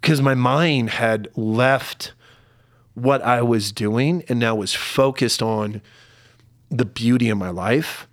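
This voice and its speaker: A middle-aged man telling a personal story in conversation, candid and halting, at times close to tears. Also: mid-range voice, no echo. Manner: candid, halting, gets emotional. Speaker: podcast guest.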